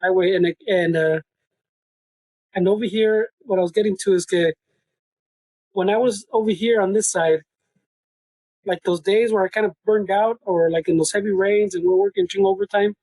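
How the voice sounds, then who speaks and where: Husky high-voiced Chicano man. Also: fairly even intonation, normal speed, pauses often, a little mellow, dry recording, rough recording. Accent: Chicano English. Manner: profane, laughing storytelling; mixes Spanish and English. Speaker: podcast co-host. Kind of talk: casual conversation. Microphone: video call.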